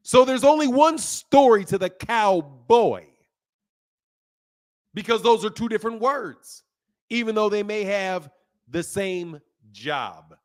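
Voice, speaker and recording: A high-pitched man lecturing his livestream chat. He talks heatedly and uses loose slang. He repeats words over and over as he drives his point home. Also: lively intonation, slow. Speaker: livestream host. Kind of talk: casual livestream talk, answering chat.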